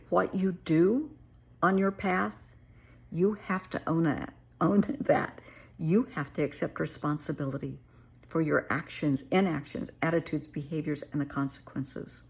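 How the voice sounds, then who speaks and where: Low husky woman with gravelly edge. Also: darkish tone. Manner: earnest, emotional, calls listener honey. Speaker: therapist. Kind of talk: personal story and advice.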